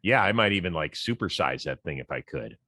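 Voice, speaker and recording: Man from Ohio, sports host, low voice, dry close sound, easygoing chat. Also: animated, fairly quick, sharp tone, no echo. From Cleveland, Ohio. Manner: easygoing, laughs often, trails off low.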